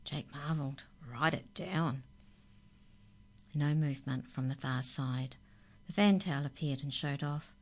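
A woman calmly reading a children's story aloud. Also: low voice, moderate pace.

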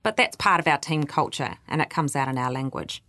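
A woman's voice: low-pitched, expressive, brisk, vocal fry, bright, forceful tone, dry recording, studio quality. A woman with a New Zealand accent, answering interview questions as a workplace culture adviser, explaining patiently. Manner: explanatory, quotes others in livelier voices.

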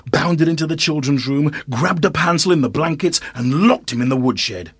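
A man's voice: fairly high pitch, lively intonation, normal speed, husky, no room sound. A man narrating a children's story, with playful, wry asides to the listeners.

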